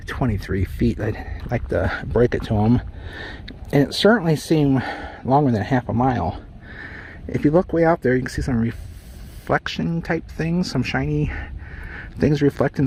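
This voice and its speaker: A man's voice: medium pitch, a little mellow, a little hiss or hum. A man on a desert trail, chatting casually for a hiking vlog with rambling, self-deprecating asides, a little out of breath. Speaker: travel vlogger.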